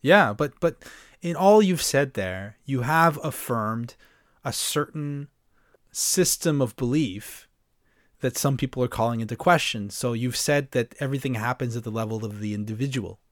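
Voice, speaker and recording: Measured man probing, dry close sound. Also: medium pitch, no room sound. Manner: probing, measured, pushes back on points. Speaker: interviewer. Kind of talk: casual conversation.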